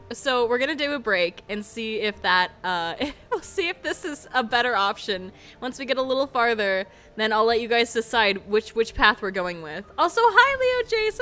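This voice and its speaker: A woman's voice: on the high side, sharp tone. A woman streaming as a VTuber, reading game narration and chatting with viewers in a giggly, playful way. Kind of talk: game playthrough with narration and chat.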